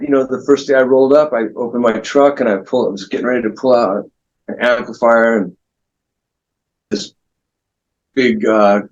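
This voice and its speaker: A man being interviewed as a guest guitarist, telling long anecdotes in a rambling, relaxed way with many restarts. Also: medium pitch, slightly rough, dull audio.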